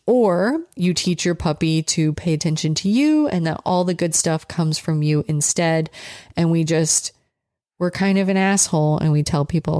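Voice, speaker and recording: A woman's voice: on the low side, darkish tone, no room sound, clean studio sound. A woman dog trainer giving casual advice in a frank, direct, conversational way.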